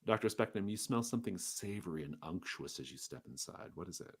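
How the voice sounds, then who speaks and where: A man with a very deep voice runs a tabletop game, painting scenes with loose, chatty description. He narrates at an easy pace. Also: animated, fairly quick, breathy edge. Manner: descriptive, with fillers and restarts. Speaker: game master.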